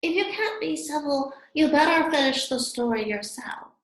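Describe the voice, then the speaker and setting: A woman voicing a sleepy, sulky little male dormouse with a hoarse, feeble voice in a storybook reading. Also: high voice, very animated, full character voice. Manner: drowsy, slow, indignant. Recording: roomy echo.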